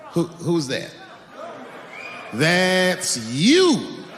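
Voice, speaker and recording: Brief: stand-up comedian, man, slightly high voice, brash and profane, echoey hall with roaring crowd. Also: wildly swooping pitch, very slow, slight background noise. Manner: loud, swearing, shouts at the crowd. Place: large venue on stage.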